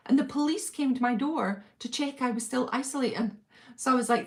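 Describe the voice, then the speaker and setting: Welsh woman host, middle-aged, chatty fan-chat livestream, warm gushing delivery with frequent laughs. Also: on the high side, brisk. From Wales. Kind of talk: casual chat reading viewer comments.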